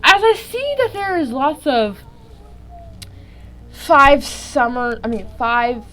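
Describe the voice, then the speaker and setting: A woman's voice: high voice, very animated, slow pace, sharp tone, poor audio. A young woman casually reading fan fiction aloud into her phone, giggling, rambling and breaking off to comment on the text. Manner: giggly, rambling, keeps interrupting herself. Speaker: vlogger.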